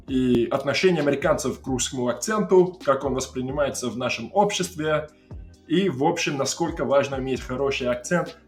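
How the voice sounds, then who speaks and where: An American man hosting a relaxed conversation, laughing often as he talks. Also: mid-range voice, reverberant. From USA. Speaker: host. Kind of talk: casual chat.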